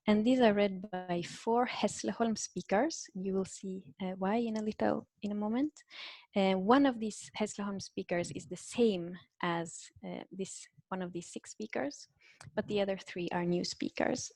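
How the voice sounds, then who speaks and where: Over a video call picked up by a computer microphone, an invited linguistics speaker gives an academic talk, hesitating with many fillers and restarts. Her medium-pitched voice is creaky and a little mellow, and the recording is dry.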